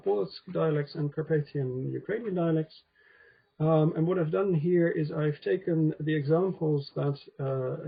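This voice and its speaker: A man with a Dutch accent giving an academic lecture to a conference, measured, with frequent ums and checking "right?" with the audience. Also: fairly high pitch, gravelly, slightly rough, lo-fi sound. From Netherlands. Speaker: conference speaker, linguist.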